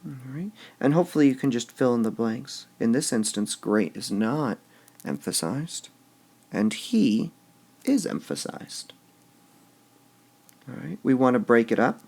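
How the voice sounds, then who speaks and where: A man teaching poetic meter in a recorded lesson, slowly sounding out syllables and muttering to himself as he marks the stresses. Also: medium pitch, big pitch swings, gravelly, a little mellow. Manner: slow and deliberate, sounding out stressed syllables, drops to a mutter when writing.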